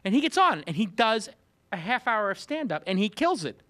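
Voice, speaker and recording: Fast animated Brooklyn man, fairly high voice. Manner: animated, opinionated, joking rants. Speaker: host. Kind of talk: casual roundtable chat.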